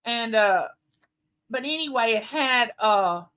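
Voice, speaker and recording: Woman in her late 50s, slow rambling live-stream chat, bright voice. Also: on the high side, animated. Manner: chatty, warm, rambling storytelling with viewers. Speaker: livestream host.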